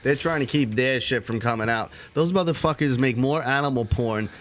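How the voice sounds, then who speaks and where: A man's voice: medium pitch, moderate pace, a bit bright, a little hiss or hum. A man in his forties, a father, trading crude jokes and blunt stories as a co-host. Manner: blunt, joking, swears freely. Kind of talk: crude casual banter.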